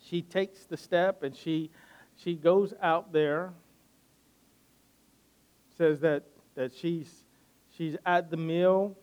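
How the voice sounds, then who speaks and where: A man's voice: on the high side, darkish tone. A man preaching a sermon, earnest and building his points by repeating phrases. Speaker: pastor.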